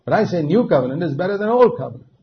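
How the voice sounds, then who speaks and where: A man preaching a sermon, emphatic, dropping to quiet asides and then rising to loud, stressed words. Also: high voice, sing-song, very fast. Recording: dull lo-fi recording with faint noise.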